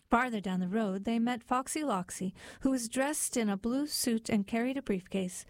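A woman narrating a satirical storybook in a dry, deadpan reading. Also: fairly high pitch, normal speed, hardly any pauses, dry recording.

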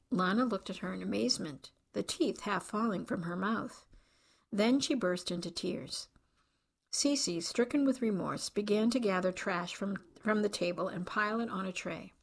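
A woman reading a novel aloud in scripted, measured narration. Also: mid-range voice, vocal fry, breathy edge. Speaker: audiobook narrator.

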